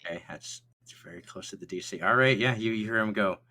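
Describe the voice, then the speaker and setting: Low-voiced game master, casual and halting. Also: male voice, sharp tone. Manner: casual, filler-heavy and stammering. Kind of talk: narrating a tabletop game.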